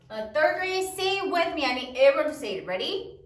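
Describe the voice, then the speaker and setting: A woman's voice: high voice, sing-song, brisk, few pauses. A woman teacher leading a spelling lesson, sounding out words letter by letter in a sing-song cadence. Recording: roomy echo, voice a bit far from mic.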